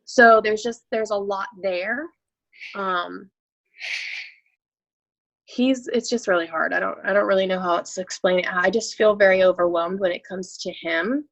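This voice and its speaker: A woman in her thirties, a coaching client, talking through her feelings in a raw, emotional, halting way with many restarts. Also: mid-range voice, gravelly, a bit bright, low-quality recording. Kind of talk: emotional live coaching session.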